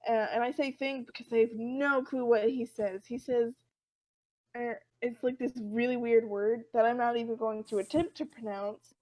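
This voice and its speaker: A woman co-hosting a casual podcast, retelling a comic with animated voices for the characters. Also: a little high, moderate pace, low-quality recording. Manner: animated storytelling, acting out characters' lines. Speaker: podcast co-host.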